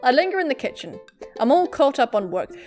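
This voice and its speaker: A young woman gaming YouTuber playing a dating game at home, reading the text aloud with giggly, playful commentary and sudden loud squeals. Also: high-pitched, sing-song, brisk, faint music behind. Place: home room with a pet cat. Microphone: desk mic with face cam.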